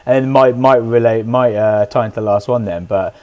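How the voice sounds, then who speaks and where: A man's voice: medium pitch, a little fast, dark tone. A man hosting a casual interview over a video call, upbeat and full of restarts and fillers. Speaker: podcast host.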